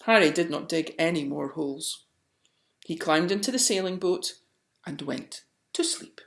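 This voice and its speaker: A woman reading a picture book aloud, slowly and expressively. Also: low voice, gravelly. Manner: slow and expressive. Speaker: storyteller. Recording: roomy echo.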